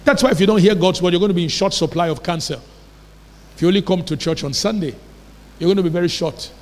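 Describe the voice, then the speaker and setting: High-voiced preacher, echoing hall. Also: male voice, quick pace, darkish tone. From Nigeria. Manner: emphatic preaching, rhetorical questions to the congregation. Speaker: pastor. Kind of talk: sermon. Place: church hall. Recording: long reverb of a church hall.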